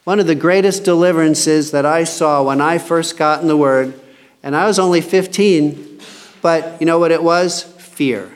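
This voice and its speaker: A man giving an informal Bible teaching, chatting with his listeners and reading scripture slowly and with emphasis. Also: fairly high pitch.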